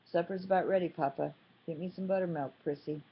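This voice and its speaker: A woman voicing a capable grown daughter who speaks in a brisk, scolding way. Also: fairly low pitch, fairly even intonation, slightly rough. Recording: slightly muffled, dull audio.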